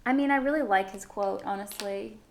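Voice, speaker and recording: A woman's voice: medium pitch, fairly quick, vocal fry, slight background noise. Chatty woman co-hosting a podcast. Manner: chatty, playful, many fillers. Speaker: podcast co-host. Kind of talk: casual chat.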